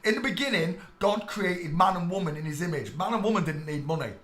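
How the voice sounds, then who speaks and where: An English man ranting on a live stream, preachy and irate, swearing and bursting into shouts at his chat. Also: high voice, lively intonation, a little fast, roomy sound.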